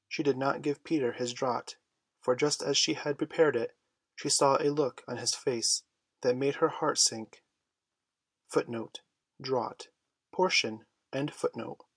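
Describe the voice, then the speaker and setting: A man narrating a storybook in a measured, expressive reading voice. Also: medium pitch, breathy edge, dry recording. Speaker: audiobook reader.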